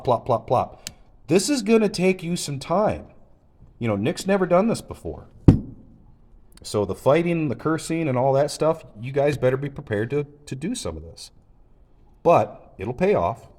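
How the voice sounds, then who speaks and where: A man walking through an engine build in a garage, in a relaxed, folksy, explanatory way. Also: mid-range voice, a little hiss or hum. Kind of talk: casual shop demonstration. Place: garage workshop.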